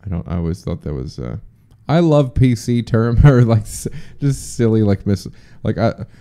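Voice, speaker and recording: A man's voice: lowish voice, expressive, normal speed, dark tone, smooth. A young man hosting a podcast alone, rambling casually with profane jokes and chatty asides. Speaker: podcast host. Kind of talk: casual solo podcast chat.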